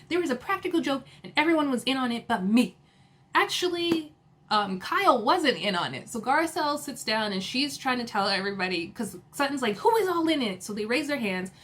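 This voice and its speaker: A woman casually recapping a reality TV episode, retelling the drama with laughs, quick asides and lively quoted lines. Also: a little high. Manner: animated retelling, quoting others with laughs and asides.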